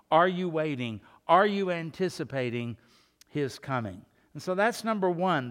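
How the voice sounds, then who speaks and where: An older man preaching a sermon as pastor, rising to loud calls and dropping to quiet asides. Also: on the high side.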